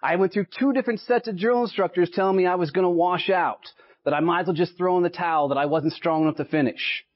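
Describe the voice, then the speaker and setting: A man's voice: sits high, fast. A man in his late thirties with a Texan accent, giving a motivational sales talk to a live audience in punchy stories and often asking "right?". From Texas. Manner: punchy storytelling, keeps checking in with "right?". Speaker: sales speaker. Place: association meeting in front of an audience. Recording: dull lo-fi live speech recording.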